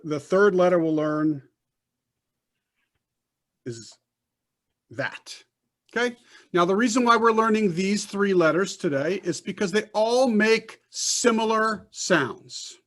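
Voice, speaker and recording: A man teaches a Hebrew class over a video call, patiently repeating material and often checking that students follow. His voice sits high and fairly bright, and he speaks slowly with frequent pauses.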